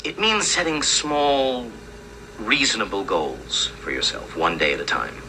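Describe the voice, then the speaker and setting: An actor playing a calm man who patiently explains setting small goals, in a film clip. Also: on the low side, unhurried, background noise. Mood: soothing.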